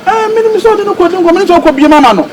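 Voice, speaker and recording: A man acting in a comedy skit, talking animatedly, his pitch jumping up when he gets excited. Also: rapid-fire, heavy background noise.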